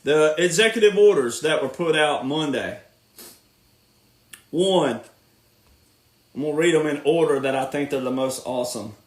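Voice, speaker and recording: A man's voice: on the high side, normal speed, pauses often, echoey room. A man hosting a podcast, ranting casually in an emphatic, sarcastic, lecturing way. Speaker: podcast host.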